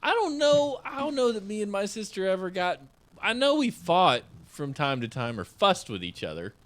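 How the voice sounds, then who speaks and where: Animated, giggly young man. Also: high voice, moderate pace. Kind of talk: casual chat.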